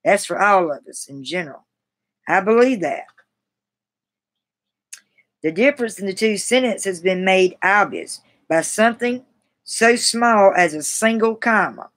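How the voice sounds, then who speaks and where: A woman's voice: mid-range voice, lively intonation, unhurried, pauses often, fairly bright tone. A woman on a live stream reads passages from a grammar book in a mid-range voice. She halts and restarts words often and breaks off to chat with viewers in a self-deprecating way. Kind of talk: reading aloud from a grammar book with asides to chat.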